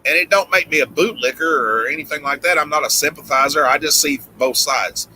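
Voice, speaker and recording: A man's voice: a little high, fairly quick, sharp tone, a little hiss or hum, rough recording. A middle-aged man with a Tennessee country accent, chatting casually on a live stream and rambling through fillers and restarts. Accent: Southern US, Tennessee. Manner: rambling, frequent "you know" fillers and restarts. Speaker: livestream host.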